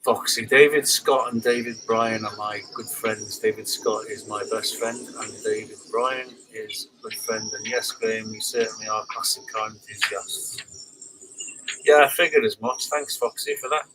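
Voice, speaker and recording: A man's voice: on the low side, fairly even intonation, normal speed. Older man hosting a live stream, a chatty and rambling talker with a faint hiss of noise behind him. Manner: rambling, chatty, with frequent fillers and restarts. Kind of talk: casual live-stream chat reading comments.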